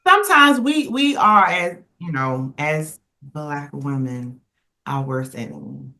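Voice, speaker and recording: A woman speaking on a casual podcast roundtable, emphatic and animated, circling back and restarting as she tells stories. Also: sits low, takes it slowly, creaky. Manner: emphatic, animated storyteller who rambles and restarts. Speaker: roundtable panelist.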